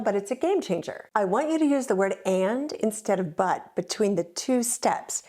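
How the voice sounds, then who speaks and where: Woman, ADHD coach, clear instructive delivery, measured pace, middle pitch. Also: a little mellow. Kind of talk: scripted educational talk.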